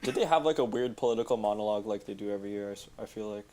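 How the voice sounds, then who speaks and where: A man's voice: fairly low pitch, racing, darkish tone. A young man in a casual podcast chat, laid back, reacting and asking questions. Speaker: podcast guest.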